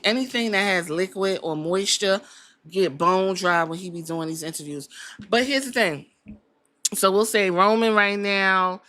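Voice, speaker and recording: A woman's voice: medium pitch, bright, forceful tone. A woman hosting a casual podcast, talking bluntly with plenty of swearing and jokes. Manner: blunt, profane, joking. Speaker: podcast host. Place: Columbus.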